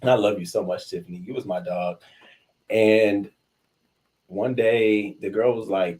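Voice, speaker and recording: A young adult man talks in a confessional storytelling style, and his voice sits a little low. He is animated and profane, and he breaks into the voices of the people he is quoting. The delivery moves loosely between swagger and exasperation. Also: normal speed.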